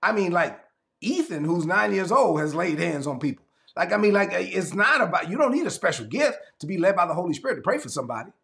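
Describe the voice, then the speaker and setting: Animated gravelly-voiced preacher man. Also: high-pitched. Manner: animated preaching, rhetorical questions, reads scripture aloud. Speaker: pastor. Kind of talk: sermon.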